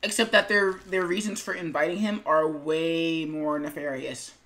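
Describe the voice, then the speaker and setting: Rambling woman streamer, slightly low voice. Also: fairly even intonation, moderate pace, fairly bright tone. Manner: rambling, filler-heavy, mumbles while working. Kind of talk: casual live-stream chat while animating.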